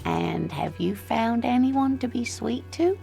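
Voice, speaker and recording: A woman's voice: a little high, animated, slow pace, gravelly, warm tone, soft background music, exaggerated voice. A sweet teasing older lady. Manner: cheerful, teasing.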